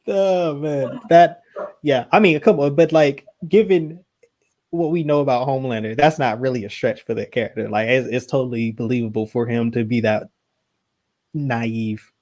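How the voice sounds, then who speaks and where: A man co-hosting a podcast in casual chat, animated, with quick asides and laughs. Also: medium pitch. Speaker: podcast co-host.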